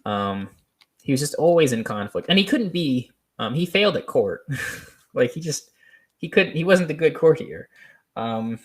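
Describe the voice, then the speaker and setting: A man's voice: on the high side, lively intonation, normal speed, husky. Rambling, hesitant man. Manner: rambling, hesitant, many ums and restarts, laughs often. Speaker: podcast host. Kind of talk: unscripted solo commentary.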